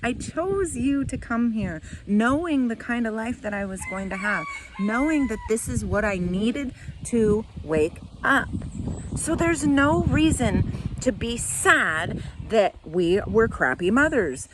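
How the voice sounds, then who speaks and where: A woman's voice: a little high, expressive, slow, background noise. A middle-aged woman telling a personal story in a candid, rambling way, tearing up at times. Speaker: vlogger.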